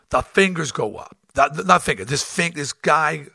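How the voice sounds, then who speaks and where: A rock band front man tells rough stories from years on tour in a casual way. His voice is gravelly and husky with a sharp, bright edge, sitting on the high side at a moderate pace. He's animated, blunt and profane, acting out quotes and often restarting sentences, and the recording is dry and close with no room sound.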